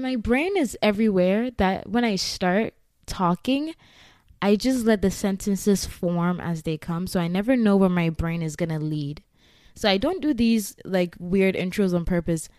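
A woman's voice: fairly low pitch, darkish tone, no room sound, clean studio sound. A woman in her twenties hosting her own podcast, rambling casually and giggling often. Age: 20s. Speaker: podcast host. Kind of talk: casual chat.

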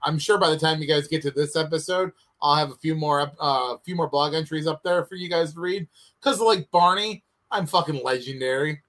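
A man's voice: on the high side, a bit bright. Profane man plugging his podcast. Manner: swears freely, short quick reactions. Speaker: podcast co-host. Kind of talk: casual chat.

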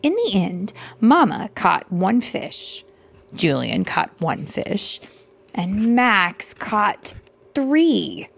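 A woman reading a picture book aloud to children in a soft, hushed voice that often drops to a whisper, stopping to ask her listeners questions. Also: medium pitch, very animated, extremely slow, gravelly. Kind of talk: soft-spoken storybook reading.

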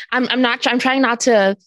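A woman's voice: a little high, steady tone, unhurried, fairly bright tone, no room sound. A woman co-hosting a casual chat show, giggling often and trailing off to restart her sentences. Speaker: podcast co-host.

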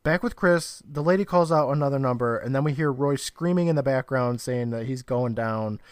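A man in the middle of a casual podcast chat, recounting a show scene by scene. His pitch sits at an ordinary middle height, and the recording is dry and close, with no room sound at all. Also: moderate pace, clean tone, no room sound. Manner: animated retelling, acts out lines with laughs. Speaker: podcast co-host.

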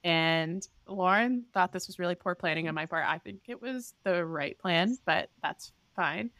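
A woman in her thirties co-hosting a podcast, telling a story in casual chat and acting out the voices with big leaps in pitch. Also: moderate pace, fairly bright tone, no echo. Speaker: podcast co-host.

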